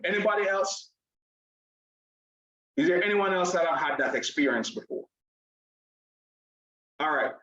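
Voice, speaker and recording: A man hosting an online motivational class over a video call, energetic, tacking "right?" onto nearly every phrase and calling on the audience in the chat. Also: high voice. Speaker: online class host and coach. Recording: dull, echoey video call audio.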